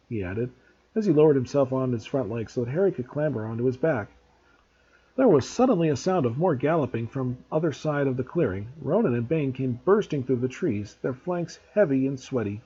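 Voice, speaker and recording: A man, a teacher, reading a novel aloud for his students in an expressive storytelling way, on a dull lo-fi recording. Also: medium pitch, brisk, breathy edge.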